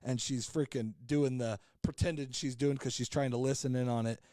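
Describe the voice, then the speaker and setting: Podcast regular, male, mellow voice, frank and jokey, rambles with fillers; dry recording. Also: mid-range voice, fairly even intonation, moderate pace, no room sound. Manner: rambling, loose, with many fillers and restarts. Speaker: podcast co-host. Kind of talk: casual storytelling chat.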